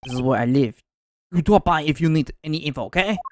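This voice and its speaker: A man putting on a loud, boastful noodle vendor. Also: a little high, lively intonation, quick pace, a little hiss or hum, lightly acted. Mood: brisk. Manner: loud, proud, theatrical. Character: boisterous middle-aged male noodle vendor. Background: game music.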